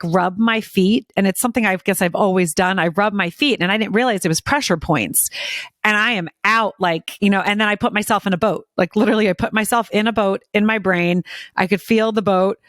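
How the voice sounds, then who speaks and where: A woman's voice: fairly low pitch, no room sound, studio quality. A middle-aged woman hosting an interview, talking openly and emotionally, telling stories with many restarts. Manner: emotional, animated storyteller with frequent restarts. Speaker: podcast host. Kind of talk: casual interview chat.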